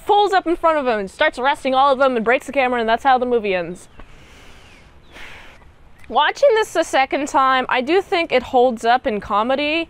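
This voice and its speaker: A woman's voice: sits high, no echo. A young woman giving a casual movie recap and review, chatty and slangy, peppered with "like" and "dude".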